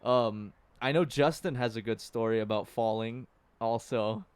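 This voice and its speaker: A man's voice: medium pitch, unhurried, darkish tone, clear, resonant tone. A young man co-hosting a podcast, casually telling a story and laughing between lines. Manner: laughs while telling stories. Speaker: podcast co-host. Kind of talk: casual chat.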